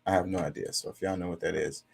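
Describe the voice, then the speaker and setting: A man's voice: deep voice, fairly even intonation, quick pace, vocal fry, husky. A man reading viewer comments aloud and reacting to them in blunt, profane casual chat aimed straight at his audience. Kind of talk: casual live-stream commentary.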